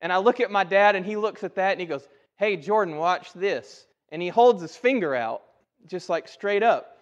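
A man preaching a conversational sermon, telling folksy stories with animated energy. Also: high voice, brisk. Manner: folksy, animated storytelling with rising excitement. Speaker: pastor. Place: church sanctuary. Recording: dull sound with long hall reverb.

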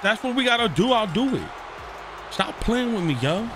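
With video game audio and music playing behind him, a young man streams a game, speaking at a moderate pace in a high voice with lively intonation. His casual commentary is profane, full of trash talk and curses aimed at the screen.

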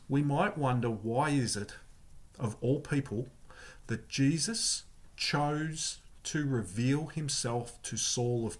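A man preaching an online church sermon, earnest and emphatic, building his points through repeated phrases. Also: mid-range voice. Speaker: Salvation Army pastor.

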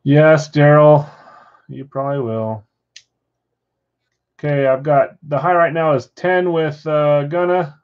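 A man hosts a live card-break stream from his house, talking casually and answering viewer comments as he goes. His voice sits a little high. The audio is slightly dull and lo-fi. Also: fairly even intonation, takes it slowly, pauses often, smooth. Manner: chatty, reads viewer comments aloud. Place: house with a floor above.

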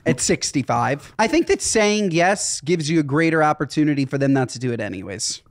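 A man co-hosting a podcast in casual chat, musing out loud and acting out little asides. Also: fairly high pitch, animated, fairly quick, no echo, studio quality. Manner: musing, talks things through with restarts and little acted asides. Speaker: podcast co-host.

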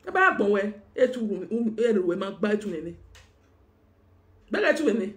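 Nigerian woman, rapid and scolding. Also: mid-range voice, big pitch swings, darkish tone. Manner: rapid, mixing languages, scolding. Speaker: guest. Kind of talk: heated conversational exchange.

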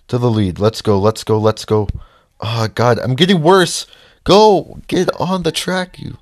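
A man giving casual gameplay commentary, reacting loudly to the race and muttering frustrated asides. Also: medium pitch, a little slow, dry recording, studio quality. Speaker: let's play gamer.

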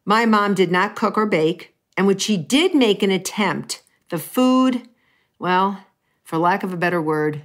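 A woman's voice: mid-range voice, expressive, measured pace. A middle-aged woman chef telling a humorous personal baking story in a chatty, playful way, with asides to the listener. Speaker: pastry chef.

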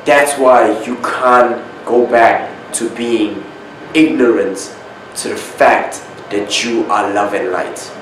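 Male spiritual host, unhurried monologue, emphatic repeats, boomy room with faint background hiss. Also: very echoey. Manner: slow, drawn-out, repeats key words for emphasis.

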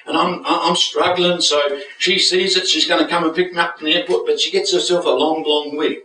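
A man's voice: a little high, fairly quick. An older man preaching a joke-filled sermon, often asking the congregation for an amen. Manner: lively storytelling with jokes and call-and-response. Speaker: guest preacher. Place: church hall with congregation. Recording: echoey church hall from far off with crowd.

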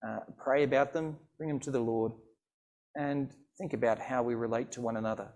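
A man leading an online church service, speaking in a slow, earnest pastoral way from a church. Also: mid-range voice, steady tone, a little mellow.

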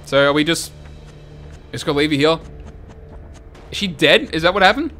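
Brief: high, animated young gamer, bright-toned, wisecracking over faint game music. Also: male voice, fast, pauses often. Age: young adult. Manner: rowdy, joking, often laughing and yelling. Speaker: gaming YouTuber. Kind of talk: comedic let's-play commentary.

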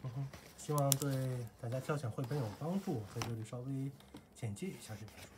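A woman from China giving quick, offhand spoken asides as co-host. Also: a bass voice, background noise. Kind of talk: casual commentary.

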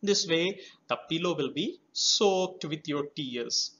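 A man teaching a children's poem, explaining words slowly and spelling them out letter by letter. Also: a little high, expressive, fairly bright tone. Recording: slightly dull lo-fi recording.

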